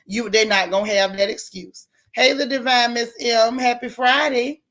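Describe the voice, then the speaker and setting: A woman's voice: fairly high pitch, steady tone, moderate pace, a bit bright. Sassy chatty woman livestreamer. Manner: chatty, greets viewers by name, sassy Southern slang. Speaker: livestream host. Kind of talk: casual livestream chat.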